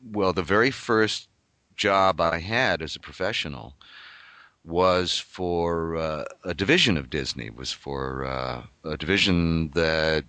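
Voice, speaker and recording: A man's voice: low voice, pushed and bright, no room sound. An older man, a voice actor, talking thoughtfully and explaining his craft in an interview. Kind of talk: reflective interview talk.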